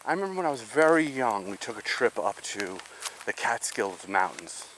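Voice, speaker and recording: A man's voice: fairly low pitch, big pitch swings, moderate pace, a bit bright, slight background noise, rough recording. A man chatting casually as he walks outdoors, rambling and talking to himself. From New York. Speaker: walking vlogger. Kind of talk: casual walking vlog chat. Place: outdoors in rural nature. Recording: outdoor ambience clearly heard.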